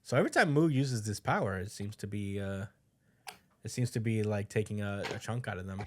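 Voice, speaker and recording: A man co-hosting a podcast, casually recapping a chapter with lots of fillers and quick put-on quotes. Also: fairly low pitch, animated, a little hiss or hum. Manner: loose storytelling with fillers, voices quotes. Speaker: podcast co-host.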